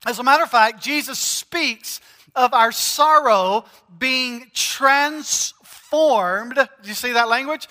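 A man preaches a sermon in a slow, deliberate way, pausing to press on key words. His voice sits high and sounds bright. A long reverb trails each phrase, as in a large church hall. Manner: measured preaching with emphatic pauses on key words. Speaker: pastor.

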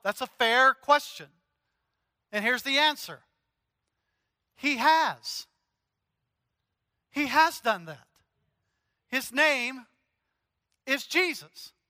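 A male pastor preaching with earnest, emphatic repetition. His voice sits very high for a man and rings bright and forceful. The sound carries a long reverb tail, like a large hall. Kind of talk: sermon.

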